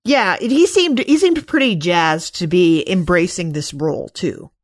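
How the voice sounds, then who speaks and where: On a relaxed fan podcast, this female co-host speaks at a measured pace in an expressive, lowish voice. Her wry, easygoing manner leans on lots of comparisons, captured in clean studio audio free of room sound.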